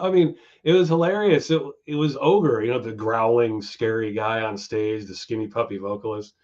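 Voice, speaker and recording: A man's voice: medium pitch, brisk, hardly any pauses. A man hosting a live stream, chatting casually with viewers, going off on tangents and swearing freely. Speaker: stream host. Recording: dull lo-fi stream audio.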